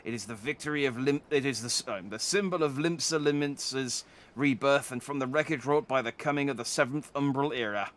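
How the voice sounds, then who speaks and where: A man's voice: mid-range voice, fairly quick, fairly bright tone, natural voice. A man reading the lines of a stern, proud shipyard master in a stiff, formal, declamatory way.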